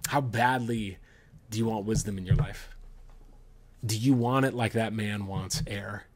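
A man's voice: fairly low pitch, fairly even intonation, unhurried, a little hiss or hum. A young man preaching to a youth group, earnest and sometimes restarting his words. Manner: earnest, with restarts, reads a story aloud. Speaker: youth pastor. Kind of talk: sermon. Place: church service streamed online.

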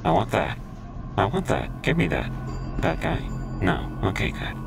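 Male game streamer, crude and sarcastic, gravelly lowish voice, music under him. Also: huge pitch swings, a little slow. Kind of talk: casual game stream commentary.

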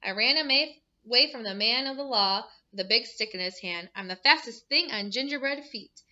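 A woman's voice: on the high side, a little fast, pushed and bright, muffled recording. A woman voicing a cheeky, boastful gingerbread cookie boy who chants taunting rhymes. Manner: taunting sing-song chant.

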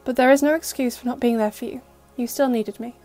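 A woman's voice: on the high side, fairly even intonation, fast, faint music behind, close to an everyday voice. A stern, formal father, read by a woman. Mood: formal, subdued. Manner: formal, clipped, quiet. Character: stern reserved middle-aged father, softening.

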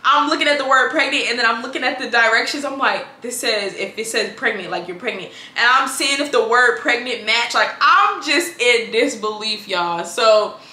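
A woman's voice: a little high, pushed and bright, roomy sound. A young woman vlogger chatting casually to camera, telling her story and calling her viewers girl and y'all.

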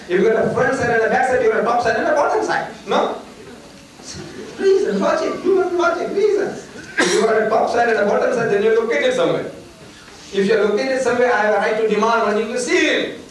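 Older man, high-pitched, animated rhetorical lecturer, echoey hall, distant mic. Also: fast talker. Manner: animated, rhetorical, mocking tone with laughter. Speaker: lecturer on religion. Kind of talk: public lecture to students. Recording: echoey hall heard from afar with faint noise.

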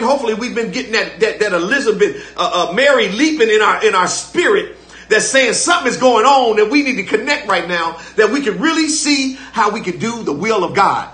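A man's voice: high-pitched, lively intonation, brisk, bright, forceful tone, echoey room. An older man preaching a live-streamed sermon as pastor, fervent and repetitive, calling on listeners to respond.

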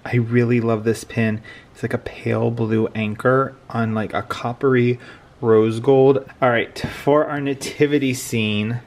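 A man's voice: mid-range voice, steady tone, a little slow, darkish tone. A man hosting a casual holiday vlog, upbeat and chatty as he opens advent calendars. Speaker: vlogger.

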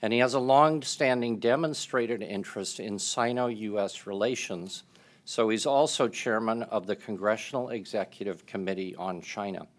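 A man acting as moderator, giving a measured, polite and formal introduction of a guest speaker. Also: lowish voice. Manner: measured, polite, reading prepared remarks.

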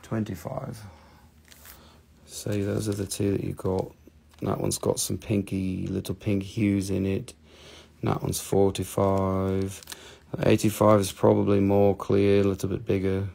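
This Southern-accented North Carolina man hosts a live online crystal sale, bantering and rambling like a joking salesman. His low, creaky, warm voice has a completely flat delivery at a measured pace.

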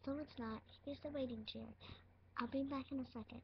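A woman speaking softly and reassuringly as a parent figure in a toy role-play. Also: high voice, steady tone, fairly quick, lo-fi sound, slight background noise.

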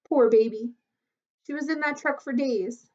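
A weary, motherly old elephant who speaks softly and sadly, as a woman reading a storybook aloud gives her voice. The recording sounds a little muffled. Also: high voice, a little slow, voice pushed up. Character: older female elephant, tired and caring.

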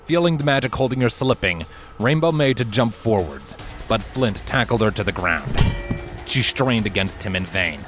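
A man reading fan fiction aloud in a steady, measured audiobook narration. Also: lowish voice, over music. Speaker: fanfiction reader.

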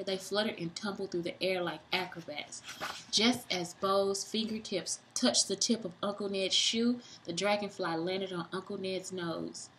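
A woman reading a children's book aloud, doing sound effects and stopping for excited asides to young listeners. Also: lowish voice, slight background noise, poor audio.

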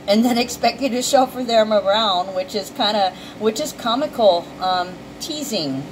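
Woman, casual tarot reader, emotional, chatty, salty language; mid-pitched voice. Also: moderate pace, noisy background. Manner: chatty and emotional, swearing freely. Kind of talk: casual intuitive card reading.

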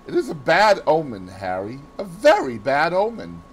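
Man doing a troubled young gentleman, pleading, anxious, raised voice, audiobook. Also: fairly high pitch, huge pitch swings, moderate pace, a little hiss or hum, voice pushed up, low-quality recording. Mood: bitter.

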